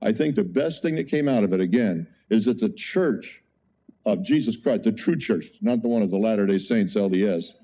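A man preaching a conversational sermon as a pastor, telling an animated story with frequent exclamations. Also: on the low side, moderate pace.

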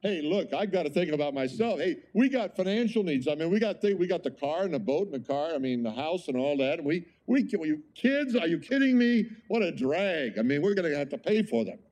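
A whiny, self-centered worldly man, put on by a preacher who complains with mocking exasperation. The voice jumps up high and rattles along quickly, stumbling over itself. The tone is soft and mellow underneath the grumbling. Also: very animated. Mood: mocking whine.

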